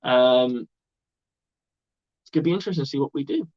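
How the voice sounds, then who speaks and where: A man's voice: medium pitch, fairly quick, no room sound. A man hosting a live stream with casual sports commentary, rambling and chatty and swearing freely. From outside the United States. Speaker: livestream host. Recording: dull lo-fi dry sound.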